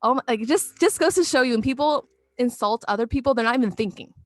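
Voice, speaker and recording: A woman in her twenties, co-hosting a podcast, telling a story in an animated way and swearing freely. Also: a little high, fast, dry recording. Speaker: podcast co-host. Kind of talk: casual chat.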